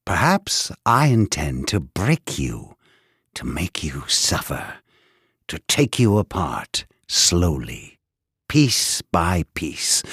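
A man puts on a sadistic prison warden in an audiobook, his voice very deep and husky with wide, swooping inflection. He taunts his captive slowly and gloatingly, every word dripping with cruelty. The recording is dry and close. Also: a bit bright, dry recording, exaggerated voice. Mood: menacing. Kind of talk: audiobook character voice.

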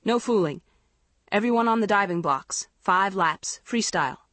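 Woman doing a brisk teasing swim coach. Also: medium pitch, animated, fairly bright tone, no room sound, natural voice. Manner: commanding, joking.

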